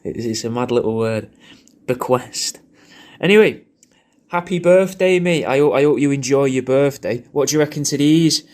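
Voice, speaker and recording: A man rambles through a personalised comic birthday message. His delivery is loose and crude, full of repeated half-starts and tangents, at an ordinary middle pitch. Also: normal speed, a little mellow. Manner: rambling, repeats himself, crude jokes, puts on silly voices in quotes. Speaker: comedian recording a personalised video message.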